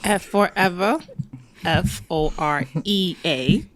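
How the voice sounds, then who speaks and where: A woman guests on a casual podcast in a very low voice. She sounds relaxed, with a faint hiss in the background. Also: slow.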